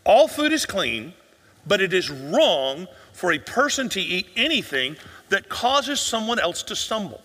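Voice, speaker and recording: A man preaches to his congregation in a high, ringing voice. He leans on rhetorical questions and drops nearly to a whisper to press a point home. His voice carries through the long echo of a large church sanctuary. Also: sharp tone. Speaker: pastor. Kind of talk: sermon.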